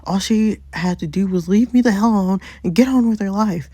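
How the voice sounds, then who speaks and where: A woman's voice: mid-range voice, brisk, dark tone, breathy edge, dry recording, pitched above the performer's own voice, natural voice. A woman voicing a scheming, protective young married man while reading a story game aloud, with little change to her own voice. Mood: determined.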